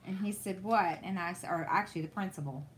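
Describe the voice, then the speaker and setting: A woman hosting a craft livestream, chatting casually with viewers and telling stories in a slow, rambling way with frequent restarts. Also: on the low side, slight background noise.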